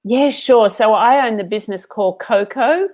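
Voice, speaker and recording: An Australian woman, a business owner, answering as an interview guest in an earnest, measured storytelling way. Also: on the high side, a little mellow.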